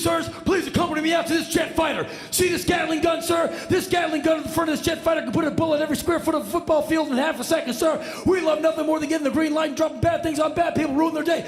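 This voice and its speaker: A man's voice: very high voice, vocal fry, voice pushed up. A man playing a huge, bald, gung-ho male weapons loader at an air base who bellows every line in drill-sergeant style. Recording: live stage with long reverb.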